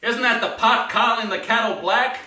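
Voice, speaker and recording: A man's voice: very high-pitched, moderate pace, pushed and bright, pitched above the performer's own voice, heavily acted. An actor playing a complaining male American agent stuck on the phone. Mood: whiny. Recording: roomy theatre, from a distance.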